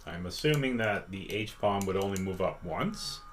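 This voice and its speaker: A man's voice: deep voice, animated, a little hiss or hum. A man teaching chess on a live stream, patiently reading out viewers' votes and inviting them to join in. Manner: slow, patient, reads out chat votes. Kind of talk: interactive live-stream lesson.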